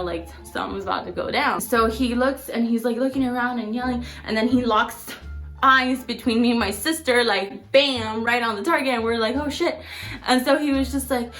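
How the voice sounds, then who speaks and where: Woman vlogger, casual rambling storyteller, slightly high voice, faint music beneath. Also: fairly bright tone. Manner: chatty, rambling, filler-heavy.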